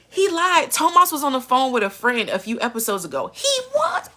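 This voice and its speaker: Animated, sassy woman live-streaming. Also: on the high side, moderate pace, few pauses. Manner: animated and sassy, laughing and mimicking characters. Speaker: host of a live soap-opera recap stream. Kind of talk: casual live-stream commentary.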